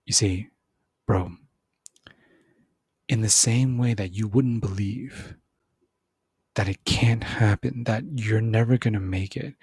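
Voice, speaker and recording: Man, podcast host, animated motivational talk, husky, dry close recording. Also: dry recording. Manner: animated, repeats words, acts out voices with big pitch jumps. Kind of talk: motivational monologue.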